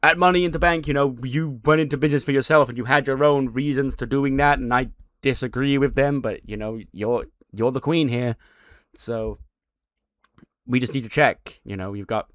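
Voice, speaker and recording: A man putting on a composed female wrestler who leads her group. She talks firmly and in a measured way, close and dry. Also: medium pitch, steady tone, fairly bright tone, smooth, no echo, lightly acted. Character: composed female wrestler leader mediating a rift.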